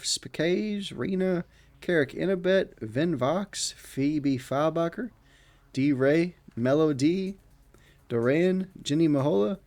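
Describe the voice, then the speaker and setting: A man's voice: on the high side, a little mellow, no echo. A man streaming a game, chatting casually and joking while reading the text aloud. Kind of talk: casual game playthrough commentary.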